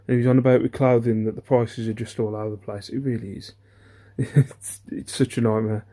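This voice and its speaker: A man's voice: medium pitch, level tone, a little fast, warm tone. A man, chatting casually through an eBay reseller's haul video. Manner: chatty, rambling, self-deprecating, many ums.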